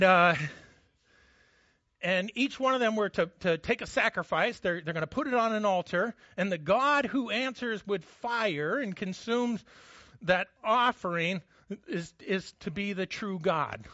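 Male pastor, conversational sermon with self-mocking humor, bright forceful tone. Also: high voice, no echo, muffled recording.

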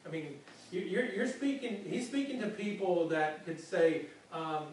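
A man's voice: a little high, moderate pace, slight background noise. A male pastor giving a conversational sermon, often repeating words as he speaks. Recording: echoey room from far off.

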